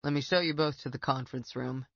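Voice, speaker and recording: A woman voicing a deep, rusty-edged composed male executive. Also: quick pace, no room sound, highs cut off. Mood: courteous. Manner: calm, courteous, assured.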